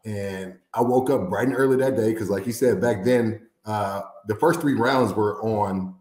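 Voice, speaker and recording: A man from Indiana, a former football player, telling stories as an interview guest with animated, laughing delivery. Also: on the low side, moderate pace, reverberant. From Indiana, USA. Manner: animated storyteller, laughs often, acts out quotes. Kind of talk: casual interview storytelling.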